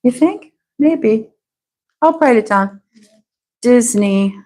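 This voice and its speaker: Slow, patient female English teacher. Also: a little high, expressive, warm tone, poor audio. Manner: slow, patient, drawn-out repetition of words. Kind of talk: live online English class.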